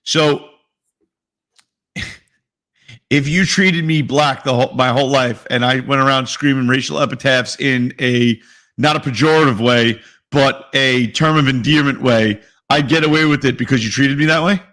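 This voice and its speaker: A man's voice: medium pitch, normal speed, fairly bright tone. A man co-hosting a casual podcast, arguing bluntly and swearing freely. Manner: blunt, profane, argues emphatically. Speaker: podcast co-host. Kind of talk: casual argumentative chat.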